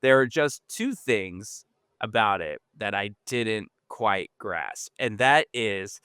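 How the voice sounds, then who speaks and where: A man with a mid-pitched, very bright and smooth voice chats casually on a podcast, laughing often and jumping into high squeaks when he presses a point. The recording is dry and close. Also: expressive, slow, no room sound. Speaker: podcast co-host. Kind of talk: casual chat, movie review.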